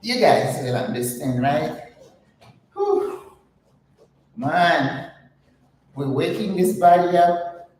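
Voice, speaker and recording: A woman's voice: deep voice, slow pace, pauses often, darkish tone, recorded from a distance, slight background noise. Older woman chatting while stretching, echoey. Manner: chatty, laughs often, breathy exertion sounds. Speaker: channel host. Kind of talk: casual vlog while exercising.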